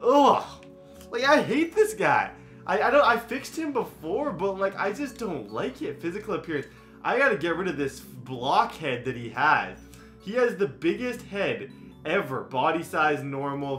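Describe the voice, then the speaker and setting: A man's voice: on the high side, sing-song, moderate pace, fairly bright tone, soft background music. A young man casually commenting on his own video game play, chatty and self-mocking, with lots of filler words. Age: young adult. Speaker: gaming YouTuber.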